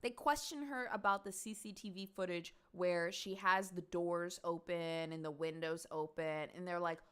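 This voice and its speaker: A woman's voice: fairly low pitch, normal speed, fairly bright tone, clear, resonant tone. A woman casually recounting a true crime case to her audience, chatty and emphatic, dropping the odd swear word. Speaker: streamer host.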